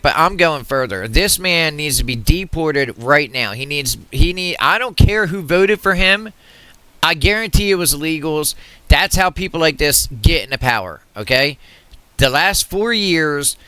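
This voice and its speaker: A man's voice: on the high side, sharp tone, clear, resonant tone, dry recording. A man ranting heatedly to his viewers, agitated and repetitive, often swearing and restarting his sentences. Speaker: political commentary vlogger. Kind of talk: heated rant to camera.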